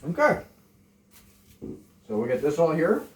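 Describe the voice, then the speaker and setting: A man from Canada, chatting calmly and softly to the camera while cooking in his home kitchen, rambling off into asides. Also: on the high side, noisy background. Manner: deliberately soft and calm, rambling asides. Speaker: cooking vlogger. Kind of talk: casual cooking chat to camera. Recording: echoey kitchen, mic from far off.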